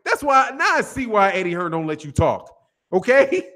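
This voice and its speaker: A man's voice: sits high, big pitch swings, moderate pace, fairly bright tone. A man hosting a boxing channel, ranting in a brash, profane, trash-talking monologue.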